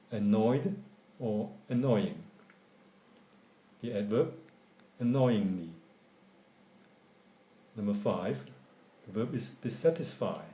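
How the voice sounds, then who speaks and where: Slow, mellow male teacher in echoey room. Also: lowish voice. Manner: measured, deliberate reading of word lists. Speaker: English teacher. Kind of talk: slow scripted lesson narration.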